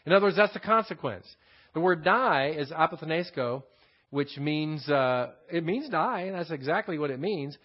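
A man's voice: fairly high pitch, lively intonation, moderate pace. A man with a Texan accent teaching a Bible passage as a pastor. He explains the Greek words and repeats his key phrases. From Texas. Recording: dull lo-fi sermon recording.

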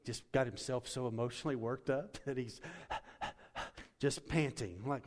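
A male pastor preaching a sermon, swinging from loud and soaring to hushed and slow. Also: medium pitch. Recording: long hall reverb.

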